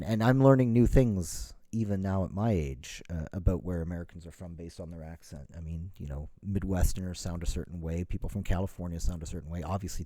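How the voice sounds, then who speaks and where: Low, mellow-voiced man talking casually. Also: no echo. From Canada. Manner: rambling, self-correcting, lots of "you know". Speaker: podcast host. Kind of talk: casual solo talk.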